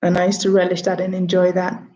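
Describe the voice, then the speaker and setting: A woman's voice: lowish voice, completely flat delivery, quick pace, dark tone, dull audio, slight background noise. A woman in her thirties, a TV producer, chatting casually on a livestream, answering her own questions and greeting viewers. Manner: chatty, talks to herself and viewers.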